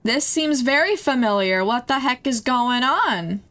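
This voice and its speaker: A woman's voice: high-pitched, lively intonation, a little slow, a bit bright. A young woman streaming, chatting casually and emotionally as she reacts to music videos, laughing and gasping along the way.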